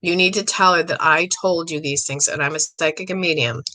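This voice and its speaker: A middle-aged woman hosting a live psychic reading stream, chatty and rambling, excitable, often clearing her throat. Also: sits low, a little fast, poor audio. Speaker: psychic medium host.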